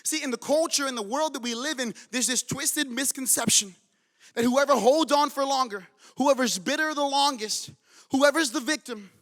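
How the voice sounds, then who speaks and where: A man's voice: extremely high pitch, moderate pace, fairly bright tone. A man preaching a sermon as pastor in a church, urging his congregation with fervent conviction. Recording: long reverb of a large church hall.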